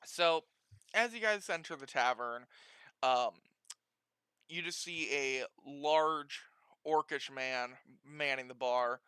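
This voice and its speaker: Brief: male game master, giggly and rambling, very bright crisp voice, lively pitch, dry close sound. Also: slow, no echo. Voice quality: rambling and giggly, laughs often. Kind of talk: narrating a tabletop game.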